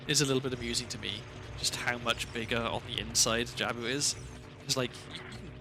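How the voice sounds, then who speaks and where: A man talks his way through a video game at a desk microphone, drowsy and a little wry, often stopping to correct himself. His voice sits at an ordinary pitch with a gravelly creak. Loud background music plays underneath him the whole time. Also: a little fast. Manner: rambling, self-correcting, mildly wry. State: sleepy, yawning. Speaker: streamer playing a game. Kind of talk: casual gameplay commentary.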